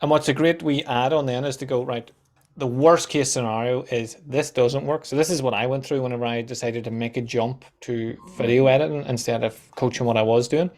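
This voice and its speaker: Guy chatting on a podcast, lively, acts out the voices in his stories, swears casually. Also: mid-range voice, quick pace, few pauses. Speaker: guest, content coach.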